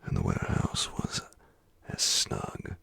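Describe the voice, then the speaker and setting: A man reading a classic tale aloud as a slow, whispered bedtime story in a whispered role-play. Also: sharp tone, dry recording.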